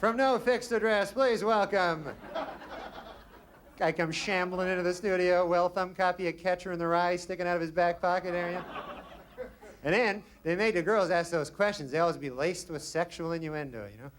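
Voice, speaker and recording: A man doing stand-up comedy with a deadpan, rambling delivery. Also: high-pitched, normal speed. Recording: noisy live stand-up recording.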